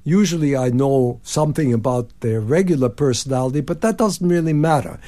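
Speaking fairly quickly in a medium-pitched voice, a composer in his nineties shares animated stories as a radio guest. He sings phrases and acts out the people he quotes.

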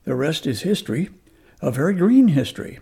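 A man's voice: a little high, sing-song, brisk, vocal fry, dark tone, breathy edge. A man hosting a scripted radio commentary, wry and folksy in tone. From United States.

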